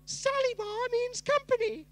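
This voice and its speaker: A man voicing a squeaky, excitable talking lolly in a shrill falsetto during a live comic reading. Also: unhurried, soft background music. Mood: chirpy.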